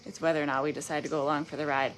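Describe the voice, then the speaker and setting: Low-voiced Southern woman, rambling candidly. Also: flat delivery, very fast, slight background noise. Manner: candid, rambling, self-deprecating. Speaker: painting business owner guest host. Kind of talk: casual livestream talk. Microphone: phone.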